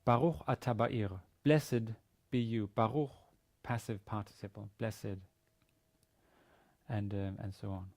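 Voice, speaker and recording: A university lecturer in a Biblical Hebrew class reads Hebrew sentences aloud, translates them, and methodically works through the grammar step by step. He has a fairly low, slightly mellow voice with vocal fry, keeping a steady tone and measured pace.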